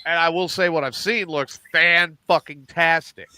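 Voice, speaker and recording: A middle-aged man hosting a casual podcast, animated and profane, acting out lines as he recaps TV shows. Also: a little high, unhurried, smooth. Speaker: podcast host.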